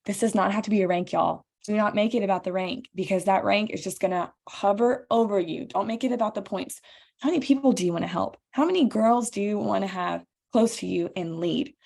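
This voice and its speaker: A woman hosts a team call over video, coaching her listeners through a motivational training talk. Her voice has a gravelly, creaky edge, pitched in the middle range. She sounds earnest and encouraging and speaks straight to her audience. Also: brisk, darkish tone. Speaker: team leader hosting a call.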